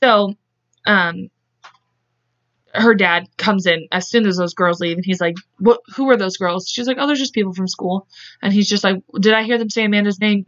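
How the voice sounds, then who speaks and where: Recorded at home on a dull lo-fi podcast mic, this host chats her way through a true-crime story. She acts out the quoted lines in different voices and laughs frequently. Her voice is mid-range and a bit bright.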